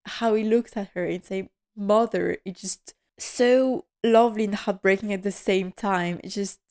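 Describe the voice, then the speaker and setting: A woman hosting a podcast, giving a casual episode recap in a quick, emotional, heartfelt way. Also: medium pitch, fairly even intonation, a little mellow. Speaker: podcast host.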